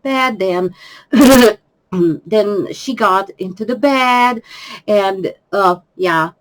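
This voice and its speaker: Tearful woman speaking slowly, halting. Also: medium pitch, poor audio. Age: 50s. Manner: halting, repeats words, emotional pleading. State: tearful, crying at times. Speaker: vlogger. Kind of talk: personal confessional vlog.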